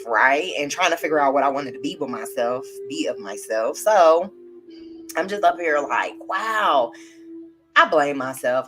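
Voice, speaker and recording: A woman's voice: low-pitched, a bit bright. A young woman hosting a tarot livestream, talking candidly and emotionally in a rambling way and reading out viewer comments.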